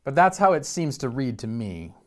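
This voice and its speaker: A man preaching a conversational sermon as pastor, teaching through a passage, stumbling and restarting words, slowing down to stress key points. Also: medium pitch, big pitch swings.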